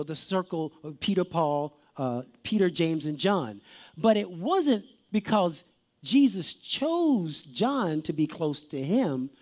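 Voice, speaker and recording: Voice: mid-range voice, darkish tone. A pastor preaching a conversational sermon, often repeating phrases and calling for the listeners' attention.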